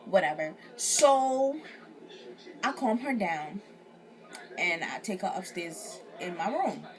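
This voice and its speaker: A woman's voice: fairly low pitch, slow. Young woman telling a slangy story. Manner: animated, slangy, profane, acts out quotes. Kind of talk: casual storytelling.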